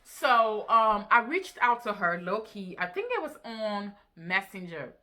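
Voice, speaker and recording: A woman vlogger casually recounting an online exchange, animated and incredulous, with rhetorical questions to her viewers. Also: mid-range voice, unhurried. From Africa. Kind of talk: casual storytelling to camera.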